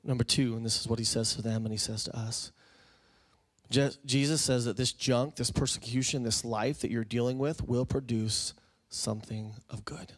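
A man's voice: medium pitch, steady tone, moderate pace. A man, a pastor, preaching a sermon to his church in a conversational way that builds into fervent appeals. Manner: conversational, rising to fervent exhortation. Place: church sanctuary.

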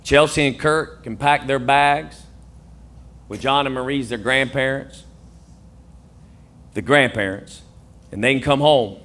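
A man preaching a sermon as pastor, acting out dialogue and swinging from hushed asides to shouted lines. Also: mid-range voice, steady tone, measured pace, pauses often.

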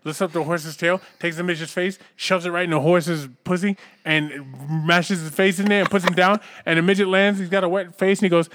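A man's voice: high voice, little pitch movement, brisk, hardly any pauses, a bit bright. A middle-aged man hosting a comedy podcast, telling a long joke in a profane, rambling way, stumbling and restarting as he goes. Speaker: podcast host. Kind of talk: casual comedy podcast chat.

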